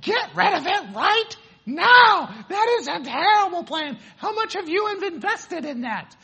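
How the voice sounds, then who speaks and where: A man voicing his alarmed mother, yelling and scolding down the phone. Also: sing-song, measured pace, gravelly, full character voice. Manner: shrill, scolding.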